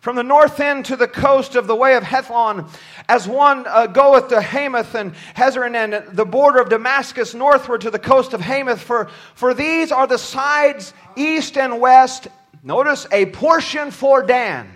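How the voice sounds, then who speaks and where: A man preaching a sermon from a church pulpit, shouting at times and dropping low at others, often stumbling over his words. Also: unhurried. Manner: impassioned, swings from shouting to near-quiet.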